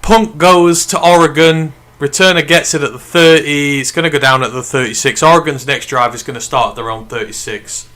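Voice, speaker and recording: Man hosting a bright-toned watch-along. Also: fairly high pitch. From United Kingdom. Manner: excitable, quick to outrage. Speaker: live stream host. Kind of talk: live watch-along commentary and chat reading.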